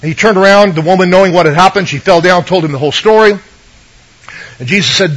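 A man's voice: high-pitched, quick pace, a bit bright, low-quality recording. A man preaching a conversational sermon as pastor, retelling scripture stories and asking the congregation for amens.

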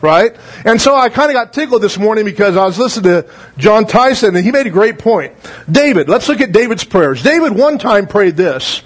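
Middle-aged male pastor with a high voice, folksy sermon delivery, jokey asides. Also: very animated, brisk, slightly rough. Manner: folksy, joking, asks "right?" often. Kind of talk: conversational sermon.

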